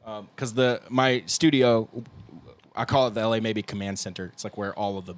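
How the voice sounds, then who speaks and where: A man's voice: lowish voice, steady tone, brisk. A young man co-hosting a podcast, talking in a loose, rambling, casual way and breaking into goofy slurred voices now and then. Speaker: podcast co-host, guitarist. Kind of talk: casual chat.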